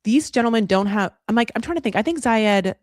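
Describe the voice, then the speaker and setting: A woman hosting a casual recap podcast, talking in an animated, rambling way and slipping into funny voices for quotes. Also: on the high side, brisk, no echo, clean studio sound. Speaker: podcast host recapping a reality show. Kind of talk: casual chat.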